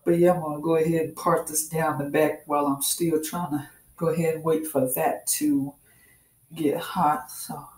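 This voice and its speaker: A woman's voice: sits low, little pitch movement, normal speed, a little mellow. A woman chatting casually through a hair care tutorial, repeating herself and calling her viewers y'all. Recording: echoey room.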